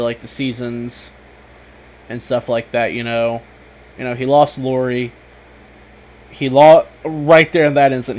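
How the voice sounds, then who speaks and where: A man talking through a TV episode in a loose, excitable ramble at a middling pitch, swearing freely and leaning on fillers. His review comes across as casual and unscripted, with a faint hum of room noise under his voice.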